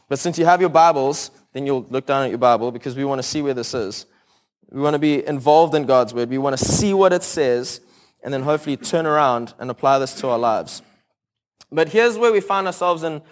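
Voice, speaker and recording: Man, pastor, somewhat high voice, conversational sermon, funny storyteller, lots of restarts. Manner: casual, conversational, many restarts and asides; animated storytelling with humor.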